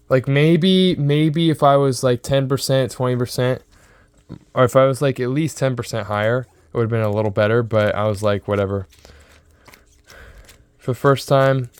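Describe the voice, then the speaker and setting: Excitable young man vlogging, smooth voice. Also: mid-range voice, dry recording. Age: 20s. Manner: excitable, rambling, repeats himself. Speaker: sports card seller and vlogger. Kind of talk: casual vlog talk.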